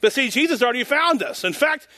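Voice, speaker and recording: High bright voiced guy preaching, rambly and folksy, laughs at his own jokes. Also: animated, fast. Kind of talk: informal sermon.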